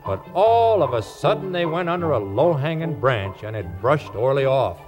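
A man's voice: mid-range voice, normal speed. Folksy old-time storyteller man. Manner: folksy rural storytelling, lively voices. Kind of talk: 1940s children's record narration. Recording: old record with music behind.

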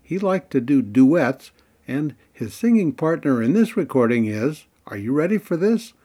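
A man's voice: a little high, sing-song, normal speed, dark tone. A man hosting a music radio show, chatty and playfully building suspense before each record. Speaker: radio host.

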